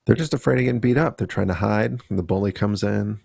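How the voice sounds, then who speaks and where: A man's voice: fairly low pitch, fast, creaky, a little mellow, husky, no echo. A man co-hosting a podcast, tossing in dry, teasing quips during casual banter. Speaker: podcast co-host.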